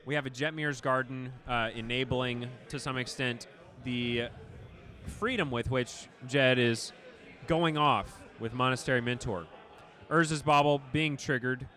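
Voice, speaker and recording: A man's voice: mid-range voice, measured pace, pushed and bright. Dry male game commentator. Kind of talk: play-by-play commentary with banter.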